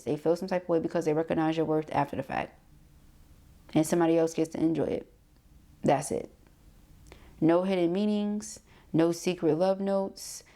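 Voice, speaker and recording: A woman giving a tarot reading straight to her viewers, talking in a loose, slangy way. She is sassy and blunt, breaks into quick laughs, and calls her listeners honey and child. Her speaking voice sits a little low for a woman. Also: creaky, mellow. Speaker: tarot reader and spiritual coach. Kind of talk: casual chat to viewers.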